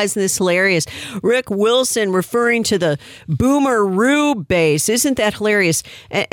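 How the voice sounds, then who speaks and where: Indignant woman commentator, low dry voice. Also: no echo. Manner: indignant, sarcastic. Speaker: commentary host. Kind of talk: political commentary.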